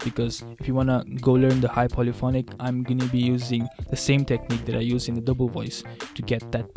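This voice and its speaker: Flat-voiced young man teaching beatbox. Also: mid-range voice. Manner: rambling, self-correcting, playful. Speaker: beatbox tutor. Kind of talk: casual video tutorial.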